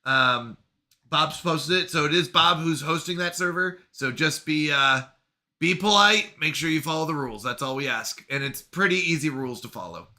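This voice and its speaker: Bright-voiced, playful male streamer. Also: fairly high pitch, moderate pace. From Canada. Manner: playful, chatty, reads chat messages aloud, jokes about pronunciation. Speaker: live streamer reading chat. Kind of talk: casual live-stream chat.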